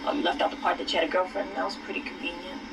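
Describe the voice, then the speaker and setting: An actress playing a hurt woman who accuses her partner in a film scene, speaking quickly and sharply. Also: on the low side, flat delivery, lightly acted. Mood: accusing. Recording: film clip from a distance, with background noise.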